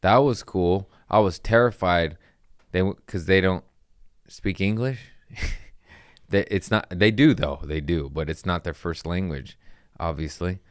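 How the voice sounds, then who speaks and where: Deep-voiced young guy on a podcast, swears a lot, rambles, says bro, dry close sound. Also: unhurried, dry recording. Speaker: comedian and podcast host. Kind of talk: casual podcast storytelling.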